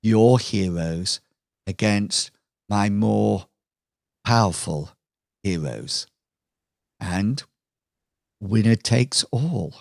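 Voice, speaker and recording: A man's voice: fairly low pitch, gravelly, dry recording, clean studio sound, full character voice. A man voicing a smug, scheming villainous woman who mocks and taunts her rivals in a tabletop game. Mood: mocking. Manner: taunting, drawn-out sly delivery.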